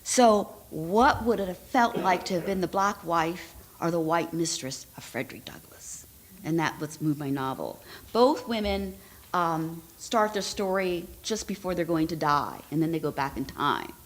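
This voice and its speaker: A woman author at a live literary reading, chatting with the audience in quick asides. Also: fairly low pitch. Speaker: author reading her work.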